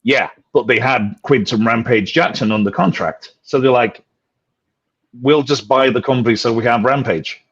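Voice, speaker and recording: This man speaks with a husky, slightly breathy voice and a hard-to-place accent that falls between British and American. He talks at a middle pitch in loose podcast chat, wandering through his points and swearing freely. The sound is muffled and lo-fi. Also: moderate pace, a bit bright. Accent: mixed British-American. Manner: rambling, frequent restarts, blunt profanity. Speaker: podcast panelist.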